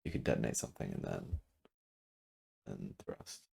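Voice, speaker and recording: A man commentating his own game at his computer, thinking out loud, correcting himself and trailing off with fillers, seated a little back from a desk mic. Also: a bass voice, sing-song, vocal fry, slightly rough. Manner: musing, self-correcting, halting with fillers. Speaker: gameplay commentator. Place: room at a computer. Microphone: desk mic, sitting back from it.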